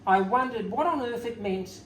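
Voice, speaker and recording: An Australian-raised man, an author, giving a wry, gently humorous speech full of anecdotes at a book launch. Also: sits high, normal speed. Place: event venue, indoors. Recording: echoey room from far off, faint noise.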